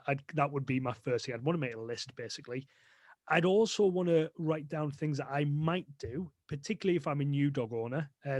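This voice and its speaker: A man's voice: mid-range voice, no echo. Chatty man explaining dog training. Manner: chatty, explanatory, leans on "kind of" fillers. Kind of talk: casual podcast interview.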